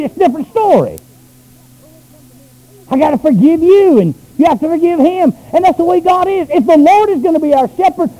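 A male pastor preaches a sermon that alternates between loud, shouted runs and quiet, low asides, captured on a rough recording.

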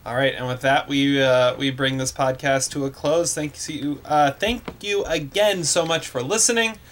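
A man's voice: medium pitch, normal speed, a bit bright. A man hosting a casual movie podcast, rambling with many fillers and restarts. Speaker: podcast host.

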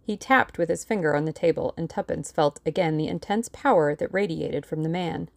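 Calm woman narrating an audiobook. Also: low-pitched, a little fast, creaky, dry recording. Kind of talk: audiobook reading.

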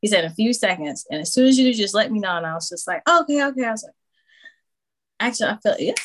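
A woman of middle pitch tells a personal story as a podcast guest. She talks casually and with animation, acting out what others said and laughing often along the way. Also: expressive, quick pace. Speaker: podcast guest, new mother.

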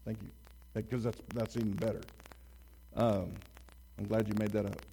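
Pastor, male, low-pitched, informal and rambling, faint room hum behind. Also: flat delivery, normal speed, warm tone, low-quality recording. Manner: rambling, folksy, many restarts and fillers; asks the congregation questions. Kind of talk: informal sermon.

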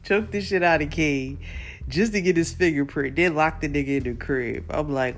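A man's voice: fairly high pitch, moderate pace, a bit bright, a little hiss or hum. A man hosting a podcast, recapping a TV episode in a casual, slangy, profane way, laughing often and acting out his own reactions. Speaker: podcast host.

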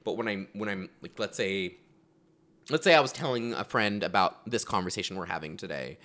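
A man's voice: deep voice, lively intonation, a little fast, bright, forceful tone. A man chatting as a guest on a podcast, rambling through stories with lots of fillers and self-deprecating asides. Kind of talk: casual chat.

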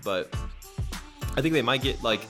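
A young man hosting a solo sports podcast, rambling, correcting himself often and jumping up in pitch when excited. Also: moderate pace, music in the background. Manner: rambling, self-correcting, animated with pitch jumps.

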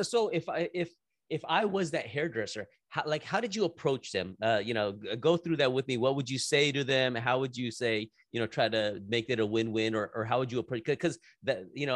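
A man hosting a casual conversation, animated, with frequent restarts and repeated words as he talks through ideas. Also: medium pitch, no room sound.

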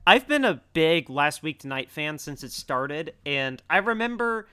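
An excitable young man in casual podcast chat. His voice is bright and forward, and his pitch swings widely as he gets caught up in the conversation. He talks in an animated way and peppers his sentences with "dude.". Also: unhurried, clear, resonant tone.

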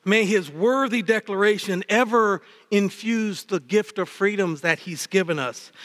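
High-voiced preaching man in a reverberant church. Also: fairly bright tone. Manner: impassioned preaching, swinging between high fervor and low emphasis. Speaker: pastor. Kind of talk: sermon. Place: church sanctuary. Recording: long reverb of a church hall. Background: hall reverb.

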